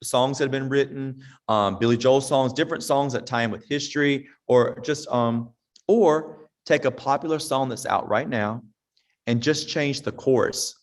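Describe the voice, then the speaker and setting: A man's voice: mid-range voice, normal speed. A man, a veteran teacher giving a casual talk to other teachers in a folksy, direct way. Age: 50s. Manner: folksy and direct, acts out parents and sings snippets. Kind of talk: casual conference talk with audience questions. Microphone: online presentation mic.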